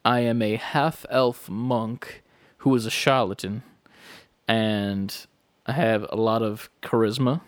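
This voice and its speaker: A man's voice: fairly low pitch, fairly even intonation, slow pace, no echo. Young male podcast co-host, rambling, filler-heavy, dry sound. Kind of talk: casual chat.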